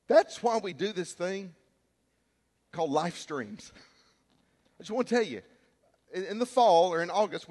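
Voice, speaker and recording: A man with a high, lively voice delivers a sermon in a church sanctuary, telling a personal story and acting out the shouts and quotes in it. His voice carries a long reverb from the large hall. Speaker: pastor.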